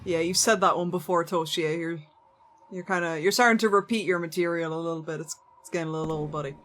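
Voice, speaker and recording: A woman's voice: lowish voice, quick pace, fairly bright tone, slight background noise. A woman streaming a horror game, chatting and joking as she plays, swearing casually and talking back to the characters. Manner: talks to the game's characters. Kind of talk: live gameplay commentary.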